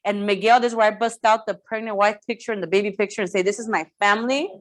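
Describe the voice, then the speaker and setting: A woman coaching real estate agents in a lively training talk, often repeating herself and checking that the room follows. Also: mid-range voice, fast talker. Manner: energetic, repeats words, asks the room for checks.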